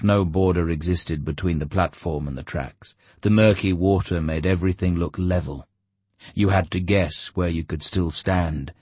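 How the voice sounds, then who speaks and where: A man reading an audiobook in a measured, steady storytelling manner. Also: low voice, breathy edge, dry recording. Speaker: audiobook narrator. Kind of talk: scripted narration.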